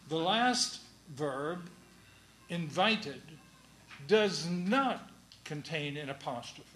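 Male teacher, classroom lecture, slow deliberate delivery, fairly high voice. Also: animated, fairly bright tone, echoey room, poor audio. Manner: slow, deliberate, with many pauses and fillers.

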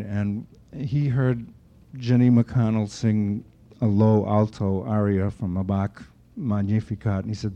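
A very dark, mellow-voiced older man telling lively backstage stories, slipping into the voices of the people he quotes. The recording is dull and lo-fi, with a muffled top end. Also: medium pitch. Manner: animated storyteller who acts out quoted voices. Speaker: opera director and vocal coach. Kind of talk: storytelling talk with anecdotes.

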